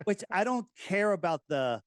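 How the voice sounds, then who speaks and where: A middle-aged American man talking casually in an interview, animated and rambling, with many restarts. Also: sits high, moderate pace, no room sound. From United States. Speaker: podcast host, guest.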